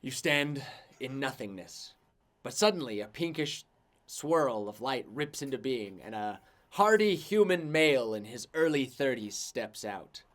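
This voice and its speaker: A man's voice: medium pitch, expressive, a little slow, fairly bright tone. A man narrating as game master of a tabletop game, rambling and filling his talk with "like". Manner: rambling, lots of "like".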